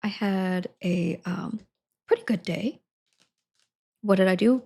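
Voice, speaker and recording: A woman's voice: mid-range voice, takes it slowly, gravelly, mellow, breathy edge. A young woman streaming live from her desk at home, chatting to viewers in a rambling way and laughing often. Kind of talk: casual chat to viewers.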